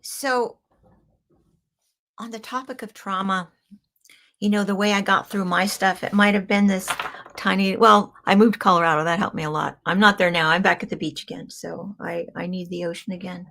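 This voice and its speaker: A woman's voice: mid-range voice, fairly even intonation, moderate pace, gravelly, a bit bright. A woman hosting a crystal healing show, talking in a rambling, chatty way and laughing often. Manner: frequent ums and restarts. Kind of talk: casual live-stream talk.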